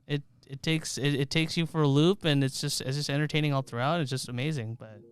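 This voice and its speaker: A man's voice: fairly high pitch, fairly even intonation, brisk, clear, resonant tone, no room sound. A man hosting an anime podcast, hyped and jokey, repeating running gags as he moves the show along. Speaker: podcast host. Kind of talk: casual anime review chat.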